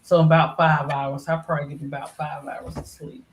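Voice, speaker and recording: A woman's voice: low voice, little pitch movement, moderate pace, roomy sound, a little hiss or hum. A middle-aged woman who is a regular on a livestream panel, talking in a casual, rambling way full of fillers. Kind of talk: casual chat.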